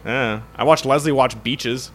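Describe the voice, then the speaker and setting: A man's voice: mid-range voice, unhurried, fairly bright tone, slight background noise. A young man co-hosting a podcast in casual chat, rambling and swearing constantly. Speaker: podcast co-host.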